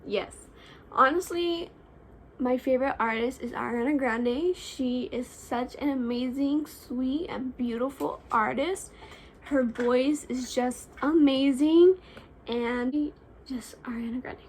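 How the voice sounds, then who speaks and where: A woman's voice: high-pitched, slow, a little hiss or hum. A young woman chatting casually while doing a friend's makeup, gushing and starting sentence after sentence with "honestly". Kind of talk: casual chat.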